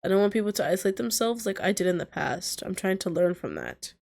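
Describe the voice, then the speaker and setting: Snarky woman host reading a dating sim aloud, mid pitch. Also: sing-song, quick pace, gravelly, a little mellow. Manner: snarky asides and laughs. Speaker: gaming video host.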